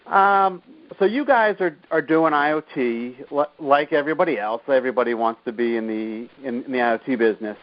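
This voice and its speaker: A man's voice: mid-range voice, brisk, dull audio. A man with a New Jersey accent hosting a business interview in a chatty, joking way, often restarting his phrases. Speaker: podcast host.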